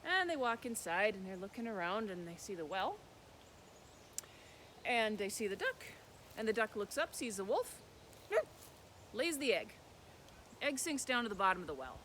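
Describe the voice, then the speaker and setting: A man telling a folk tale as a storyteller, animated, with sound words. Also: sits high, normal speed, pauses often, slight background noise.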